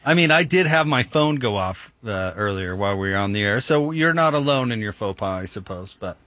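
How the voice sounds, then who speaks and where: A man hosts a sports talk radio show, bantering playfully and often cutting himself off mid-sentence. His voice is bright and forward. The studio sound is close and dry. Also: on the low side, animated, brisk, no echo. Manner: joking, self-interrupting, playful.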